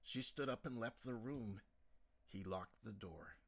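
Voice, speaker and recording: A man narrating a novel as an audiobook, in a calm, measured storytelling manner. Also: lowish voice, creaky, loud music behind the voice.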